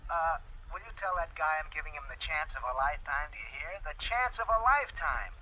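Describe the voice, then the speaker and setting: An actor playing a brash rich young businessman who talks fast and pushes a deal, in 1940s film acting on an old soundtrack. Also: fairly high pitch, lively intonation, highs cut off, slight background noise, close to an everyday voice. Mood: pushy. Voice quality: fast-talking, pushy.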